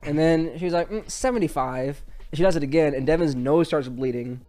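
A man's voice: fairly high pitch, quick pace, dark tone, faint music behind. A young man hosting a podcast, retelling a story in casual, rambling chat full of fillers. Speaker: podcast host.

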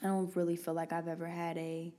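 A young woman chats casually on a podcast, trading slangy banter and laughing often. Her voice sits a little low for a woman. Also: little pitch movement, fast, mellow. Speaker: podcast co-host.

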